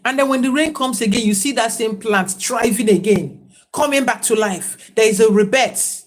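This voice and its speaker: A woman's voice: on the high side, moderate pace. A woman, talking casually and reflectively to viewers on a livestream, in a preachy tone. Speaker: livestream host.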